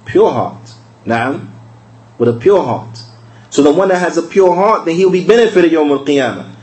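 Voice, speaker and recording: A man giving a recorded religious lesson in a conversational way. He repeats key phrases, asks rhetorical questions, and slows down to spell out verses. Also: a little high, a little mellow, low-quality recording. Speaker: religious teacher.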